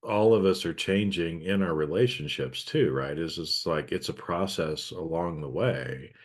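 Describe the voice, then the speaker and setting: Male host, low voice, earnest and reflective, conversational. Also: measured pace. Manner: earnest, reflective, frequent "right?" tags. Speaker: podcast host. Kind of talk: casual conversation.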